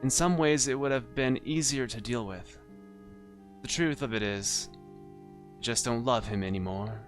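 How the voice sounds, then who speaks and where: A man's voice: medium pitch, normal speed, faint music behind, close to an everyday voice. A man voicing a scheming married woman client in a noir story game, pleading and then seductive.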